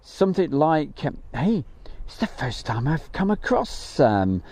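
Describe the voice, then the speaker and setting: A man's voice: a little high, very animated, measured pace, a little mellow, dry recording. A man from the West Midlands of England chatting on a live airshow stream, rambling with lots of fillers. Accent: West Midlands English. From Wolverhampton, England. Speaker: airshow livestream host. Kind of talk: casual live-stream chat. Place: outdoors at an airfield.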